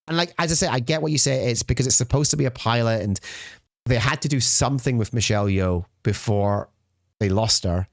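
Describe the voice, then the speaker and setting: A man's voice: mid-range voice, brisk, creaky, dry recording, studio quality. A man co-hosting a podcast in casual chat, ranting and repeating his words as he goes. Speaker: podcast co-host. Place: podcast studio.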